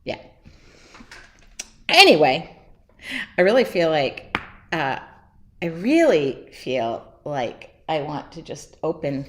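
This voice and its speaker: A woman's voice: sits low, very animated, slow, long pauses, background noise. A woman teaching a live painting demo from her home studio, chatty and self-mocking, laughing at herself as she works. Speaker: art teacher.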